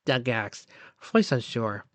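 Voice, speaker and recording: A man reads fan fiction aloud in a soft, steady storytelling voice. His pitch sits in the middle, and the sound is dry and close with no room around it. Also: a little slow, no echo. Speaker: narrator.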